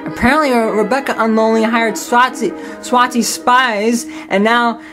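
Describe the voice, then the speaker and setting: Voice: medium pitch, normal speed, voice pushed up, natural voice. A reader voicing a young boy bear cub navigator, urgent and pleading. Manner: pleading, excited. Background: background film-score music.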